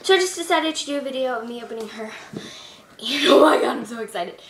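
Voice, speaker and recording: A woman's voice: a little high, lively intonation, very fast, a crowd in the background. A female vlogger doing an unboxing video at home, gushing and overexcited, laughing and tearful as she talks. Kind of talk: unboxing vlog. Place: indoors at home. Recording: echoey room.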